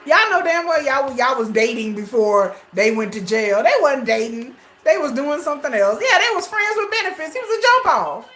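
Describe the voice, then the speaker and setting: A woman's voice: high voice, big pitch swings, moderate pace, few pauses, a bit bright. A woman, giving blunt, slangy commentary as she hosts a live watch-along of a TV show.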